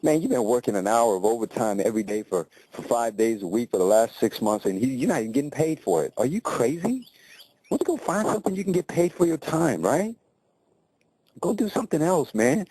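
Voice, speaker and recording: A man's voice: on the low side, lively intonation, quick pace, hardly any pauses, warm tone, poor audio. A man voicing an exasperated male friend who scolds in a raised voice.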